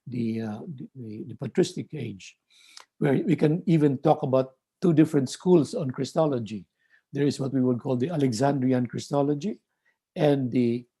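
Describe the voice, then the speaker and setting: A man lecturing on theology in a measured way, often repeating words and restarting phrases. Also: mid-range voice, mellow, slightly rough.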